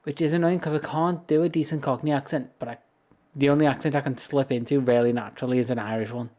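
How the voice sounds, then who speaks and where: A British man talks casually while streaming a game, drifting from one thought to the next and laughing at his own asides. His voice sits at an ordinary middle pitch, and he speaks from a home setup into a desk microphone. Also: steady tone, fast talker, darkish tone. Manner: rambling, self-amused, laughs often. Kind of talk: casual chat while gaming.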